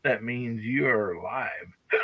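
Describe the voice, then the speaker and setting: Gravelly laid-back podcast host man. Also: mid-range voice, extremely slow, lo-fi sound, a little hiss or hum. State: has the hiccups. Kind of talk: casual livestream chat.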